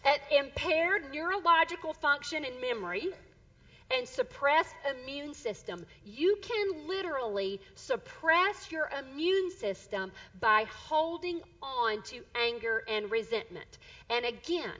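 A middle-aged woman preaching with a high, bright voice that carries a story along with animated energy and ready laughter. The recording sounds dull and lo-fi. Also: measured pace. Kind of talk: sermon.

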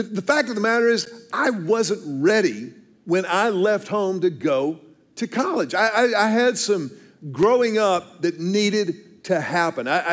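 A man, preaching a storytelling sermon with earnest, self-deprecating humor and frequent restarts. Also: high-pitched. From Texas, USA. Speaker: pastor.

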